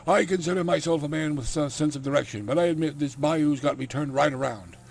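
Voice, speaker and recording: A man voicing a portly, old-fashioned vampire gentleman with a Southern US accent, florid and courtly. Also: on the high side, brisk, vocal fry, husky, pitched above the performer's own voice.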